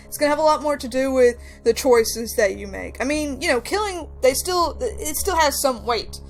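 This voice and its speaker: A young woman hosting a casual game discussion, telling stories with animated, high exclamations. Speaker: host. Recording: faint background music.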